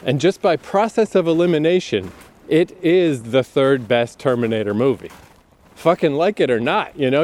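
A man's voice: fairly high pitch, darkish tone. A man giving a blunt, profane, casual monologue of movie opinions. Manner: profane, blunt, exasperated ranting. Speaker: movie commentator.

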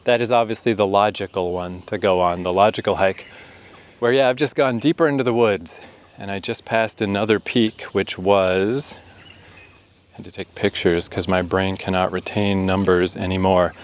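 A man's voice: sits low, steady tone, moderate pace, poor audio. A man narrating a vlog while hiking a hot forest trail, sweaty and short of breath, chatty and self-mocking with bursts of swearing. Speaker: vlogger.

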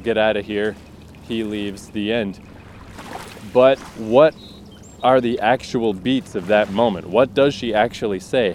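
A man's voice: fairly low pitch, darkish tone, a little hiss or hum. A man, a fiction writer, talks casually about his writing, thinking aloud and acting out his characters' lines.

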